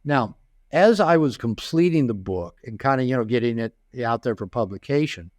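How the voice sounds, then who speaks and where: An older man, a therapist and author, telling stories in a relaxed interview and acting out the voices of the people in them, often repeating and restarting words. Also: mid-range voice, moderate pace, no echo, clean studio sound. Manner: animated storyteller acting out quoted voices, frequent repeats and restarts. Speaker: therapist and author, podcast guest. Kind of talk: conversational storytelling interview.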